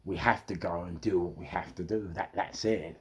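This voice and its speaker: A middle-aged man with a London accent telling rough stories casually, swearing heavily and repeating words for emphasis. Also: deep voice, fairly even intonation, normal speed. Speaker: storyteller. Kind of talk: casual storytelling.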